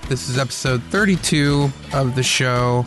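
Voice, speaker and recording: A man's voice: medium pitch, normal speed, soft background music. A man hosting his own podcast, chatting casually and self-deprecatingly, with lots of restarts and tangents. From Atlanta area, US. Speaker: podcast host. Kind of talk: casual monologue.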